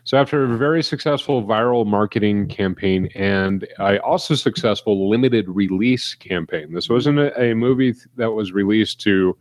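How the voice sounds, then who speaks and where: Low-voiced man telling a story. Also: normal speed, hardly any pauses, no room sound. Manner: animated storyteller, acts out quotes. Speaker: podcast co-host. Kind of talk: casual chat.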